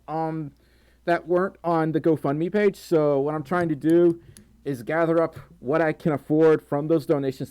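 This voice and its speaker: Male livestream host, slightly high voice, bubbly and giggly, prone to squealing. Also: mellow. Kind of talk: casual livestream chat.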